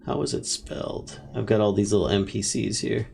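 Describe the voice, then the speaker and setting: A man narrating as game master, halting with many fillers while he looks things up. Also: fairly low pitch, vocal fry, darkish tone, a little hiss or hum.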